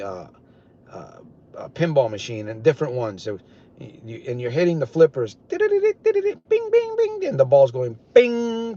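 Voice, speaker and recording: An older man coaching listeners on a live stream, talking in an earnest, repetitive, preaching way. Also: fairly high pitch. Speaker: recovery coach. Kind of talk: motivational live-stream talk. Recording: dull lo-fi live-stream audio.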